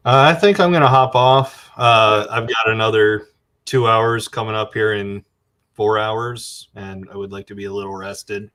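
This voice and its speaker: Low, bright-toned casual man. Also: moderate pace. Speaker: streamer. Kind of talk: casual stream chat.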